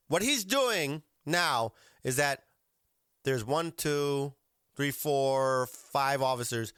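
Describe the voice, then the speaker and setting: A man's voice: medium pitch, expressive, slow, fairly bright tone, smooth, no room sound, clean studio sound. A man hosting a podcast, commenting bluntly and profanely on video clips with an authoritative manner. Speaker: podcast host.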